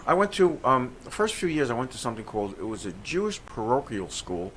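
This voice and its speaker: A man's voice: mid-range voice, quick pace, a little hiss or hum, low-quality recording. An older man from New York with a New York accent, a tax accountant chatting as an interview guest and telling stories. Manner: chatty, storytelling, animated. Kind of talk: casual interview chat.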